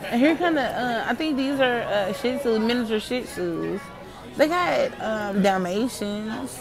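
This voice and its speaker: A woman's voice: a little high, animated, measured pace, music in the background, a crowd in the background. A woman filming a casual vlog in a pet store, cooing at puppies. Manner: cooing, baby-talk at puppies. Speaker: vlogger.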